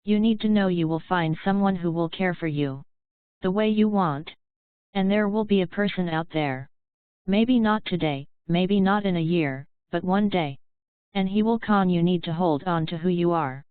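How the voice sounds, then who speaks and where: A woman voicing a supportive young female best friend who speaks gently and sincerely. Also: lowish voice, normal speed, clear, resonant tone, no room sound, close to an everyday voice. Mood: reassuring. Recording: dry, tinny phone-like sound.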